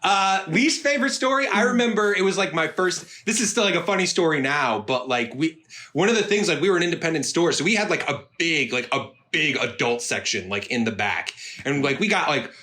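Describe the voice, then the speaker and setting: Bright-voiced man telling rambling stories. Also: on the high side, animated, brisk. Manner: rambling, filler-heavy, amused. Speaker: podcast co-host. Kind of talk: casual storytelling chat.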